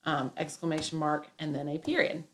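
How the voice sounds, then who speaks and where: A woman's voice: sits low, level tone, a little fast, a little hiss or hum. Woman teaching a grammar lesson. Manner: step-by-step, acts out example lines with emphasis.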